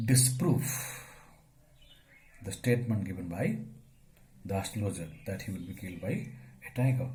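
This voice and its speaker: A man, teaching a story as a lecture. He asks questions and answers them himself, using many fillers, and his voice gets suddenly louder at times. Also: lowish voice, slight background noise, rough recording.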